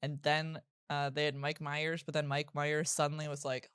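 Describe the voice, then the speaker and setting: A woman's voice: low-pitched, flat delivery, normal speed, fairly bright tone, clean tone, dry recording, clean studio sound. A young adult woman guesting on a podcast, telling stories in a chatty way full of "like". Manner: chatty, filler-heavy storytelling. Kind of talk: casual chat.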